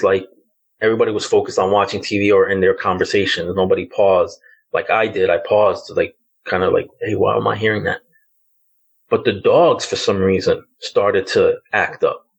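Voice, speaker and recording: A man's voice: fairly low pitch, poor audio. A fiftyish man telling a ghost story. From the Bronx, New York. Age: around 50. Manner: loose, hesitant storytelling with many fillers like "like" and "um". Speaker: podcast guest.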